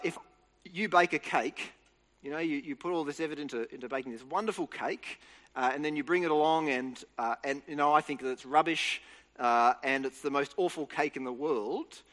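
Man, high voice, earnest bible teaching, long hall reverb. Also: a bit bright. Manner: earnest, explanatory, with frequent restarts. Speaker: preacher.

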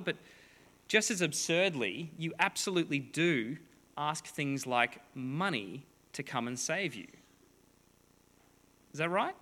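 A man's voice: on the high side, bright, forceful tone. A man preaching a sermon to a congregation, reading scripture and explaining it with playful, joking asides. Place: large hall before a congregation. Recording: long hall reverb.

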